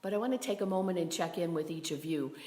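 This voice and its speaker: Soft-spoken woman minister in an echoey hall. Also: lowish voice, animated, fast. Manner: gentle, meditative, with soft whispered phrases. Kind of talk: livestreamed sermon. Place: synagogue sanctuary. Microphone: camera from a distance.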